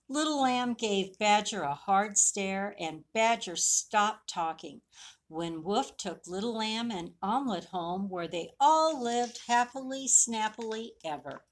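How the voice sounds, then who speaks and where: Slow, expressive woman reading aloud. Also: mid-range voice. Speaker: library storytime reader. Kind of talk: reading a picture book aloud to children.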